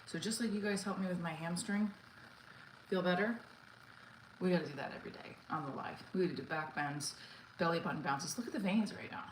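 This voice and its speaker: A breathless middle-aged woman talks loosely to her live chat between stretches, pausing to thank viewers. Her voice sits on the low side and carries the echo of a bare room. Faint ambient noise hums underneath. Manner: chatty, reads and thanks chat comments mid-workout. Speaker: livestream host. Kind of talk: casual live-stream chat while exercising.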